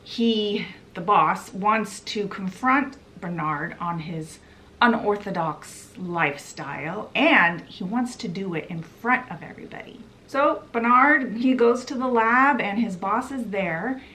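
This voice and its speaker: A woman's voice: mid-range voice, lively intonation, slow, pushed and bright, slight background noise. A woman who runs a book vlog, giving a chatty, casual book summary and putting on voices for the quotes. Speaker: book vlogger.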